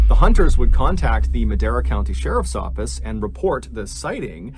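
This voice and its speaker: A man narrating a true missing-person story in a steady storytelling manner that builds suspense. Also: mid-range voice, moderate pace, few pauses, soft background music.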